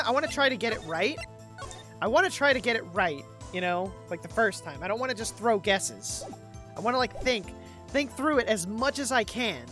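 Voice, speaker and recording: A woman streaming a game live, talking casually, getting excited and swearing, repeating words when worked up. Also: mid-range voice. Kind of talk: casual live gameplay commentary.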